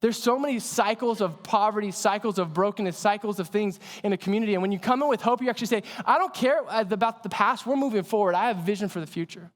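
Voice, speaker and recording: A man preaching a sermon as pastor, telling lively stories and asking the audience questions. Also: high-pitched, fast talker, few pauses. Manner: energetic storytelling with audience questions. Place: church hall. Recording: long hall reverb.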